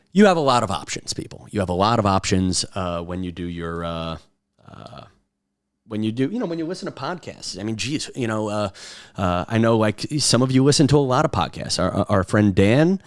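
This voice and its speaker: Man from Long Island, podcast host; low, dry voice; rambling comic monologue, lots of fillers. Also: very animated, a little fast, no echo. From Long Island, New York. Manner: rambling, with frequent "uh" fillers and restarts. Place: home kitchen. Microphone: camera recording at a desk.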